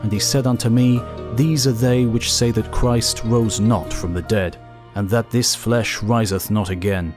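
A man reading an old scripture text aloud as scripted narration, in a solemn, measured way. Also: fairly low pitch, steady tone. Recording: faint music behind.

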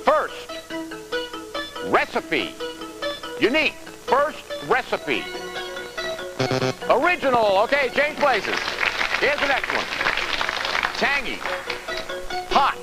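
Peppy tv game show guy, high voice that swoops around, loud audience and music behind. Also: slow pace, long pauses, poor audio. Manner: upbeat, lively quizmaster patter. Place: TV studio with audience. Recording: loud TV studio broadcast with music and crowd. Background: music and studio crowd.

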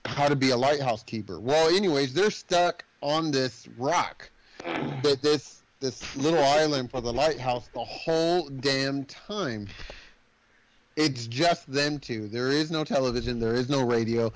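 A man's voice: medium pitch, unhurried, dry recording, poor audio. Man rambling through a movie recap, dry sound. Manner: rambling, filler-heavy retelling with acted-out quotes. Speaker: podcast host. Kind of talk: casual movie podcast chat.

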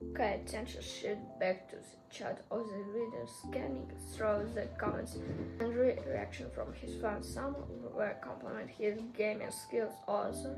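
Slow-talking young woman over loud music. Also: mid-range voice, creaky, poor audio. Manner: dramatic, squealing outbursts between flat reading. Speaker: vlogger. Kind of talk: reading an AI chatbot role-play aloud with reactions.

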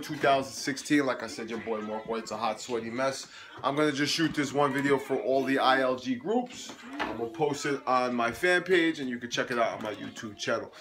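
A man's voice: mid-range voice, fairly quick, a bit bright, a little hiss or hum. A young man vlogging at home after a hard workout, sweaty and tired, talking in an upbeat, chatty, motivational way as a fitness coach. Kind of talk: casual motivational vlog. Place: home living room.

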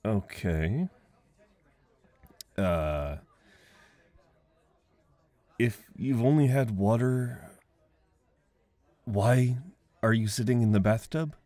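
A kind, teasing young guy at a house party, as a man acts him out in an audio role-play. His voice sits a little low and he talks in an unhurried, coaxing way, often breaking into soft chuckles. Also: no room sound. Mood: gentle, teasing.

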